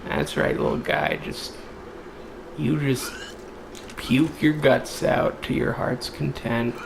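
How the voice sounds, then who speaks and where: Male gamer, unhurried joking commentary, playful silly delivery. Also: medium pitch, very animated, creaky, roomy sound, background noise. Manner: goofy, joking, puts on silly voices. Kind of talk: let's play commentary.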